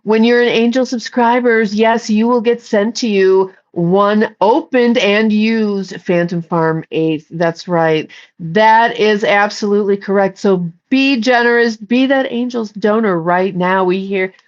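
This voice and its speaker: A woman puts on a chirpy female pledge-drive host from television. The patter is overeager and sales-driven, and it sits brighter and higher than an everyday voice. The recording sounds dull and lo-fi. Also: a little slow, lightly acted. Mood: peppy.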